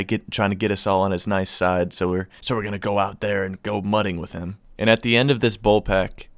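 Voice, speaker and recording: A man's voice: on the low side, no room sound, clean studio sound. A young man telling a long story in casual vlog style, rambling and swearing, laughing at his own tale. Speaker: vlogger.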